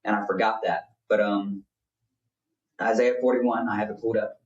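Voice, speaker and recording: A man's voice: on the low side, flat delivery, normal speed, highs cut off. Young guy co-hosting a faith podcast, earnest and rambly, echoey room. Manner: earnest, rambling with many fillers. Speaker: podcast co-host. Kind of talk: casual faith chat. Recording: roomy, distant mic.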